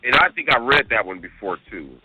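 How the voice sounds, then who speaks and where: A man's voice: mid-range voice, lively intonation, a little fast. A man co-hosting a talk radio show, reading out listener emails with exasperated, disbelieving outbursts. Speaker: radio co-host. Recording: tinny phone-line radio sound with music.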